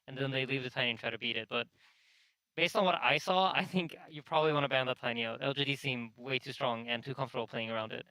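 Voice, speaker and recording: A man analysing esports drafts in a measured, analytical way. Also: mid-range voice, pushed and bright, clean tone, no room sound, poor audio. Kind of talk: panel analysis.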